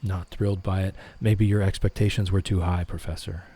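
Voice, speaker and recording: A middle-aged man hosts a laid-back live stream, reading out comments and answering each one. His voice sits low, with a mellow, slightly husky tone. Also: brisk. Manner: relaxed, reads chat aloud and answers it.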